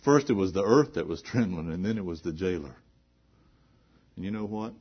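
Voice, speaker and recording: With a deep, animated, slightly breathy voice at a moderate pace, a male preacher swings between hushed earnestness and loud, emphatic preaching, firing rhetorical questions at the congregation. The recording is muffled.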